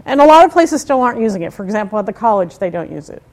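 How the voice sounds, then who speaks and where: An American woman in her fifties speaks in a racing, slightly mellow mid-range voice with big pitch swings. Giving a live technical talk at a conference, she keeps it chatty and informal, adding wry asides and putting questions to the audience.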